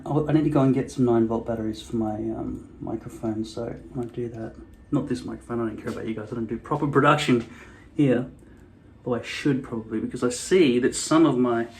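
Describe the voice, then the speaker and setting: A man's voice: mid-range voice, a little mellow, slight background noise. A man with an Australian city accent, hosting a hairpiece vlog in a rambling, wry, self-deprecating way. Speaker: hairpiece channel host. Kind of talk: casual vlog monologue.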